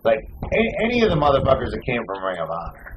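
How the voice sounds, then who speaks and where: A man hosting a wrestling podcast in casual chat, cursing freely and talking with animated swings. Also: mid-range voice, racing, lo-fi sound, background noise. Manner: profane, animated, lists names in runs. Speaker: podcast host.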